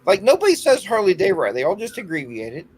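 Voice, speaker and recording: A man co-hosting a casual chat show, telling animated stories and mimicking the people he quotes. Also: high-pitched, quick pace, slight background noise. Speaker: co-host.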